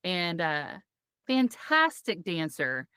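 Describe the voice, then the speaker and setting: A woman co-hosting a relaxed podcast who tells anecdotes in an easy, chatty way and laughs as she goes. Her voice sits a little low for a woman, and the sound is dry and close-miked with no room. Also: slow pace, clear, resonant tone, no echo. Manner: chatty storyteller, laughs often. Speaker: podcast host. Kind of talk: casual podcast chat.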